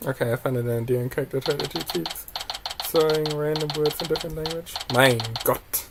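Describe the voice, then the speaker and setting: A let's player giving casual commentary, reading game text aloud and adding quick chatty asides. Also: mid-range voice, steady tone, vocal fry. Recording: loud game music behind the voice.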